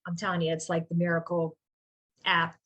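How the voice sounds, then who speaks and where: A woman who runs a small business, chatting casually on a group video call and telling a rambling, animated story. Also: on the low side, fairly quick, highs cut off.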